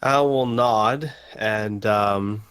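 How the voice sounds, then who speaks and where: Slow, low-voiced man playing a tabletop game. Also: fairly bright tone, smooth. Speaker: player.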